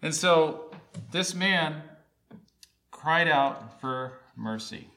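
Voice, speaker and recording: Man, preacher, sermon, bright forceful voice, earnest, emphatic repetition. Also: a little high, expressive, very slow, pauses often. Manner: earnest, rising to loud emphatic calls and repeated lines.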